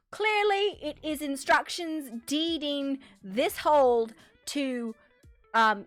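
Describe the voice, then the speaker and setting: A woman's voice: fairly high pitch, no room sound. A woman streamer chatting casually about her roleplay character, rambling with fillers, swearing and laughs. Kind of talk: casual live-stream chat.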